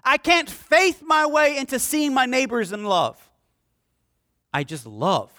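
Man, pastor, impassioned sermon, very high voice, dry close sound. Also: animated, slow pace, dry recording. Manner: impassioned preaching, swinging from shouts to hushed pleas.

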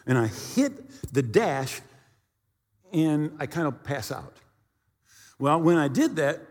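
A man preaches in a husky voice that leaps high and drops low as he tells a story from the pulpit. He acts out sounds and dialogue with animation. His voice rings with the long reverb of a church hall. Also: darkish tone. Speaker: pastor. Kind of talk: storytelling sermon.

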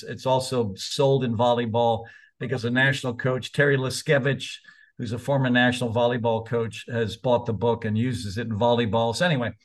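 A man in his seventies, a college soccer coach, telling stories in a casual, candid way with the odd mild curse. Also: mid-range voice. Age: 70s. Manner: chatty, candid, mildly profane. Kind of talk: casual anecdotal storytelling.

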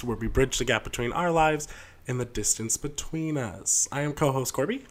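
A man's voice: medium pitch, moderate pace. A man with a nasal voice co-hosting a podcast in casual chat from a sunny room at home, playful and laughing often. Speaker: podcast co-host.

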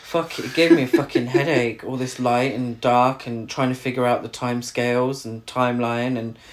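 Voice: mid-range voice, fairly even intonation, normal speed. Exasperated sweary podcast co-host. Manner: exasperated, sweary, rambling with restarts. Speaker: podcast co-host reviewing a film. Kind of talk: casual chat.

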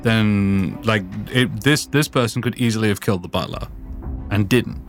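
A man's voice: lowish voice, moderate pace, soft background music. Man strategizing in a tabletop game. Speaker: player. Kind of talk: casual tabletop play.

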